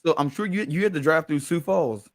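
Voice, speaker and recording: A man's voice: on the high side, dry recording. A man hosting a podcast, chatting casually and reacting with short laughs. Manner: relaxed, quick reactions, laughs along. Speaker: podcast host. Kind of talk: casual interview chat.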